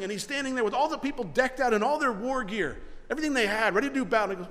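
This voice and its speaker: A man preaching a sermon as pastor, animated and repeating his words as he presses a point. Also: high-pitched, quick pace, few pauses, in a large hall.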